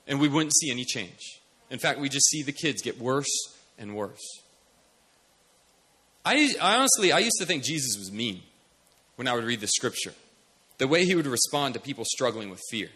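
A man preaching a sermon, animated, shifting from soft mimicry to loud commands. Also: mid-range voice, moderate pace, pauses often, husky. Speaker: pastor.

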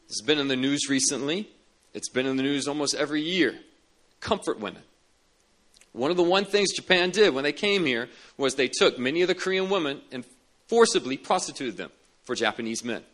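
A man's voice: a little high, fairly bright tone. A man preaching a sermon as a pastor, telling stories earnestly and repeating key words for emphasis. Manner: earnest storytelling with emphatic repetition.

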